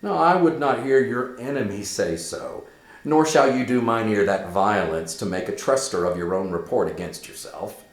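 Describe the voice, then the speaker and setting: A man's voice: lowish voice, lively intonation, moderate pace, pitched above the performer's own voice. A man voicing a bitter, sarcastic young prince in a raised, emphatic reading. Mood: bitter sarcasm. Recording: echoey room.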